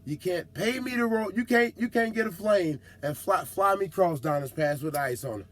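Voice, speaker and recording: Male trucker vlogger, high voice, lively slang-heavy storyteller who acts out the people he meets. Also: moderate pace. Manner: animated, slangy, acts out other drivers with whoops. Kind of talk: casual storytelling monologue.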